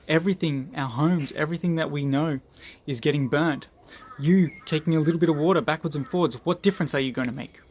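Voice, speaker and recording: A man's voice: fairly high pitch, brisk, a little hiss or hum, lightly acted. A man voicing a frightened crowd of forest animals who scoff in disbelief. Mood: incredulous. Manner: incredulous, pleading, raised voice.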